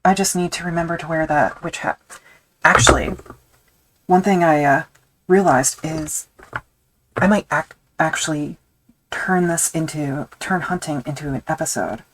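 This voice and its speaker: A woman's voice: sits low, unhurried, long pauses, a bit bright, slight background noise, rough recording. A woman chatting casually on a live stream while she tools leather, rambling and joking at her own expense. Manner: rambling, self-deprecating, thinks aloud with fillers.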